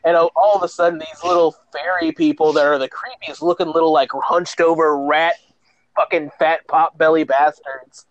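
A man casually recapping a horror movie plot in a profane, animated way, acting out the characters as he goes. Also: on the high side, normal speed, crowd noise. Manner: profane, animated storyteller, acts out quotes. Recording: dull dry lo-fi sound.

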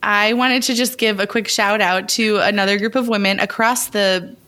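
Woman in her thirties, podcast co-host, casual rambling chat, mid-pitched voice, keeps correcting herself. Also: steady tone, moderate pace, sharp tone.

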